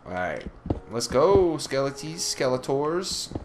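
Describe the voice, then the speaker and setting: A man's voice: mid-range voice, normal speed, pauses often, music in the background. A young man hosting a Let's Play, commenting as he plays, swearing and taunting the monsters. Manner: animated, swears, trash-talks the monsters. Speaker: gaming channel host.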